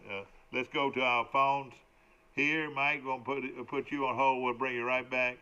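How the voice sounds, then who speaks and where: A man's voice: mid-range voice, level tone, moderate pace, pushed and bright, clear, resonant tone. An older man hosting a casual sports talk show, rambling with many hesitations and restarts. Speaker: morning talk show host. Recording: dull lo-fi broadcast audio.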